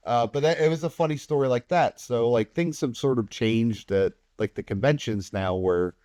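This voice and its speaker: A man talking casually as a podcast guest, telling stories with lively energy and slipping into other people's voices as he quotes them. His voice sits at an ordinary pitch, and the sound is dry and close, with no room echo. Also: moderate pace. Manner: animated, acts out other people's remarks, swears casually. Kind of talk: casual anecdotal storytelling.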